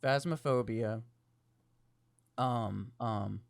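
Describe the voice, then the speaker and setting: A man co-hosting a podcast in casual chat, rambling from topic to topic, swearing often and laughing a lot, with a deep, crackly morning voice. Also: drawn-out words, vocal fry. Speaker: podcast co-host.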